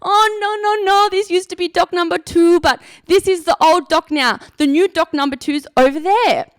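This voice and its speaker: A woman putting on a shrill ticket-booth lady with a foreign accent. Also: moderate pace, no room sound. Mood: insistent. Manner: high, sing-song insisting.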